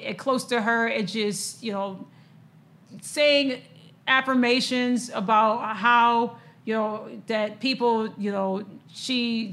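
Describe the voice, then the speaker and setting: A woman's voice: on the high side, fairly bright tone. A woman, chatting casually about sports news, emotional and full of fillers and restarts.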